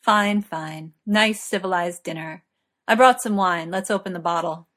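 A woman's voice: on the low side, moderate pace, a bit bright, close to an everyday voice. Woman doing a cocky, teasing young man. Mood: boastful. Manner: teasing, boastful.

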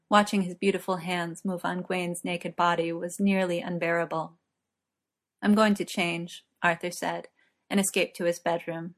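A woman reading a story aloud in an even, measured way. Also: on the low side. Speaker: narrator.

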